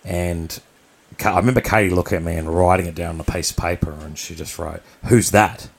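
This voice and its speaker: Gravelly low-voiced man telling a blunt story. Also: fairly even intonation, fast. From New Zealand. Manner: candid, blunt, rambling. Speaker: podcast co-host. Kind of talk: casual personal storytelling.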